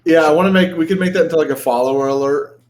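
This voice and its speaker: A man's voice: on the high side, racing. A man hosting a live stream in casual chat, teasing his guest with pushy questions and crude jokes. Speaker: streamer host.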